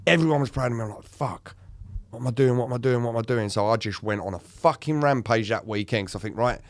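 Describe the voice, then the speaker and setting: His words race out in a medium-pitched voice, with no room sound, as this podcast co-host in recovery candidly relates a story about himself. He curses, gets emotional, and mimics what people said.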